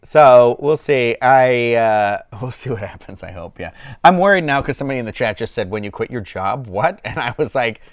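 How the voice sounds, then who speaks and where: A man in his thirties chats casually as host, rambling and circling back with fillers and little quoted asides. His voice sits at an ordinary middle pitch. The sound is dry and close, with no room in it. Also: lively intonation, normal speed, few pauses, no echo. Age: 30s. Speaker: channel host. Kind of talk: casual chat with a friend.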